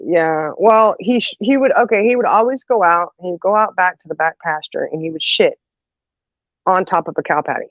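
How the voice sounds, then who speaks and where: Lively woman telling family stories. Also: fairly low pitch, moderate pace, no echo. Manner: lively storyteller who acts out quotes, laughs often, says "you know" a lot. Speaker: host. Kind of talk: casual chat, storytelling. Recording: dull, muffled audio.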